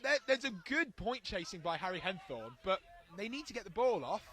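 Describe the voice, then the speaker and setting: A man giving lively, jokey play-by-play commentary on a match. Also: sits high, fairly quick. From United Kingdom. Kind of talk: live sports commentary.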